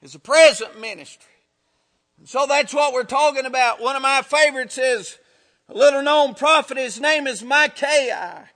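A man preaching a sermon, emphatic and building to shouts on his key points. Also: very high-pitched, moderate pace. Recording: reverberant hall.

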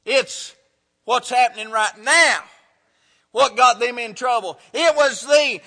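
A man preaching a sermon, emphatic and building to shouts on his key points. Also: very high-pitched, takes it slowly. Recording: reverberant hall.

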